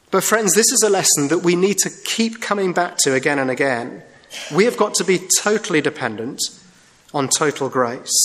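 A man preaching a sermon in a church, earnest and emphatic, slowing down to stress key phrases. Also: a little high, fairly bright tone. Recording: reverberant hall.

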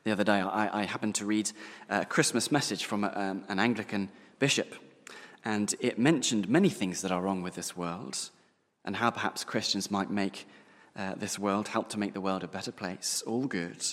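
A man preaching a sermon, slowing down and pausing to stress key words. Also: lowish voice, fairly bright tone, in a large hall.

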